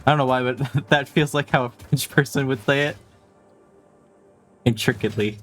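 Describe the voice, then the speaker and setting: A man's voice: medium pitch, little pitch movement, a little fast, fairly bright tone, soft background music. Playful male gaming streamer, laughs often. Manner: playful, laughs often, jokey and self-deprecating. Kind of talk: casual live gaming stream chat.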